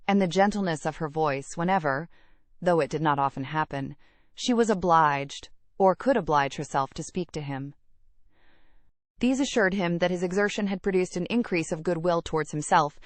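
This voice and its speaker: A woman narrating a classic novel aloud in a measured, even reading. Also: lowish voice, no room sound. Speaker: audiobook narrator. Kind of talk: scripted narration.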